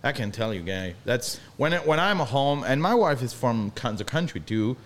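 A man from northern France with a French accent, talking as a guest in halting English full of restarts. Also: medium pitch, expressive. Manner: halting non-native English, frequent restarts, earnest. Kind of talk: casual chat.

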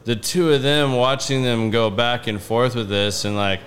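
A man's voice: mid-range voice, steady tone, normal speed, a bit bright, slight background noise. A man telling a long story in casual podcast chat, rambling with lots of fillers and acting out what people said. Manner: rambling, many fillers, acts out quotes. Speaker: podcast guest.

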